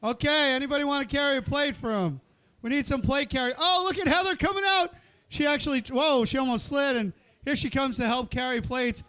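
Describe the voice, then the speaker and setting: Very high and brisk, the voice has a pushed, bright edge. It belongs to a man emceeing a live indoor cooking competition, calling the countdown, joking with chefs and spectators, and chattily cheering the crowd along.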